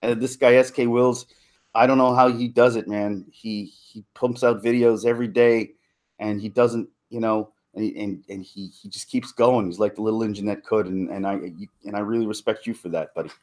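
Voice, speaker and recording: A man talking casually on a live stream, rambling and halting, with many fillers and restarts, laughing now and then between thoughts. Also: fairly low pitch, fairly even intonation, a little mellow. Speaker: YouTuber and impressionist.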